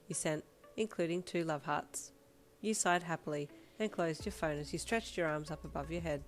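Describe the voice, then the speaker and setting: A woman narrating a fan fiction audiobook in a steady second-person storytelling manner. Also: lowish voice, normal speed, faint music behind.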